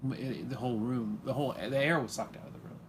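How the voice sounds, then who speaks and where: Rambling man with a noisy hiss behind. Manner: rambling and halting, full of fillers, swinging into sudden high excited outbursts. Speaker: comedic character monologue. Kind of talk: deadpan comedy monologue in character as a dad.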